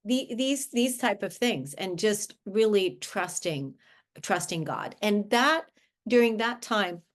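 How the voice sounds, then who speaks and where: A woman's voice: medium pitch, lively intonation, slow pace. A woman guest, a life coach, speaking earnestly in a conversational interview, often restarting her sentences. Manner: earnest, with frequent restarts and filler words.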